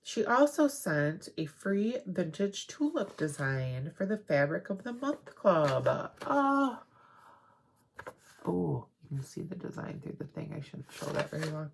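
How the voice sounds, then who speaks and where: A woman hosting a crafting video, chatting casually and rambling excitedly as she shows off her haul. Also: deep voice, a little slow, gravelly, hardly any pauses, slight background noise. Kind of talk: casual show-and-tell haul.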